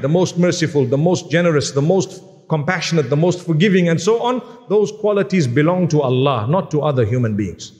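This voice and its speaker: A man's voice: on the high side, a little mellow. A man preaching a sermon, earnest and exhorting, telling stories with quoted dialogue. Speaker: Islamic preacher. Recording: long hall reverb.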